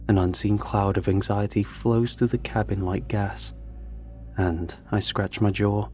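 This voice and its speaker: A man narrating a first-person story in a steady, scripted reading. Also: fairly low pitch.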